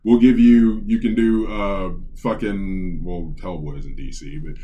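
A man co-hosting a podcast, chatting casually. He rambles and swears constantly, and he grows excitable as he tells his stories. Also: sits low, measured pace, lo-fi sound. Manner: profane, rambling, excitable storyteller. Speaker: podcast co-host. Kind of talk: casual chat.

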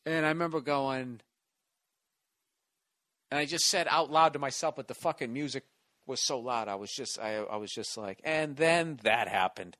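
A man's voice: mid-range voice, normal speed, a bit bright. A man, a stand-up comedian, telling a story in a casual, rambling way, swearing constantly and restarting his sentences.

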